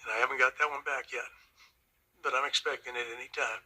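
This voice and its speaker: An older man and Vietnam veteran, telling a personal story slowly and with emotion. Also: medium pitch, fairly even intonation, pushed and bright, slightly rough, rough recording. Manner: slow, emotional, reflective.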